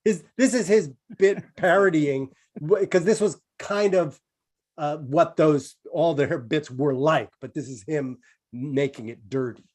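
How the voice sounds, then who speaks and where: A man in casual conversation over a video call, rambling from one thought to the next and amused by his own stories. his voice sits a little higher than most men's and wanders through filler words. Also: measured pace, darkish tone. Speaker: comedian guest. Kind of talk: casual chat.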